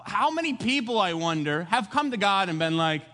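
A male pastor preaching a sermon, telling the story in a jokey, animated way and acting out voices. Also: high-pitched, quick pace, few pauses, long reverb tail.

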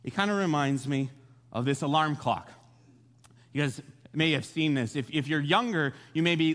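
Animated young male preacher in a reverberant hall. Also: a little high, moderate pace. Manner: animated storytelling, acts out voices in quotes. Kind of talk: casual sermon retelling a Bible story.

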